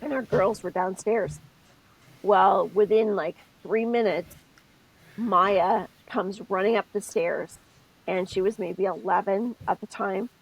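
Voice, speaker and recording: Husky middle-aged woman telling a story. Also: medium pitch, slow, poor audio. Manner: storytelling, explains step by step. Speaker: podcast co-host. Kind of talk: casual chat.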